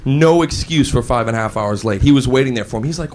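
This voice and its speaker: A man performing stand-up comedy, animated and loud, acting out scenes on a stage before a large audience. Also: mid-range voice, quick pace, hardly any pauses, a little hiss or hum. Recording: live show with crowd laughter.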